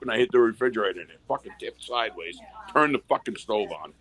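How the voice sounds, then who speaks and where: A man's voice: mid-range voice, fast, fairly bright tone. A man telling rambling, profane stories in a casual backstage chat.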